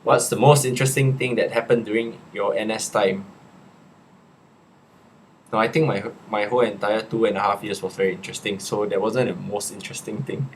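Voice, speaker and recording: A young Singaporean man in a casual live chat, reading viewers' questions aloud and answering them in a relaxed, chatty way. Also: fairly low pitch, brisk, slight background noise.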